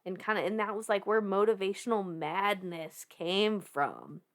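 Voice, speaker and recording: A woman in her thirties with a Southern twang tells her story on a podcast, her voice sitting at an ordinary middle pitch. She talks in an animated, loose way, laughing often and swearing without a second thought. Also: a little slow. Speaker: podcast guest.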